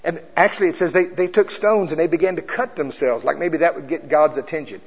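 A man preaching a sermon who reads scripture slowly and forcefully, then explains it in a casual, joking way. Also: fairly high pitch, slightly rough. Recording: dull sound in a reverberant hall.

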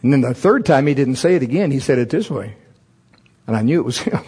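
A preacher spins a humorous story from his own life, laughing often and switching to loud, high voices when he voices his inner thoughts. He speaks fast and expressively, with a breathy edge.

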